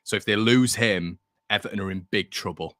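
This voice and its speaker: A man's voice: lowish voice, a little fast, a bit bright, no echo. Chatty man hosting a fan stream. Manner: chatty, reads out viewer comments, opinionated. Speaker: fan channel host. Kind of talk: casual live-stream chat.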